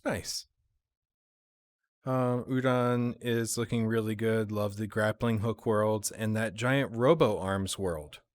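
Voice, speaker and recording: A man's voice: fairly low pitch, steady tone, slow, dry recording. A man hosting a casual chat, talking hesitantly with many fillers and restarts. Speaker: show host.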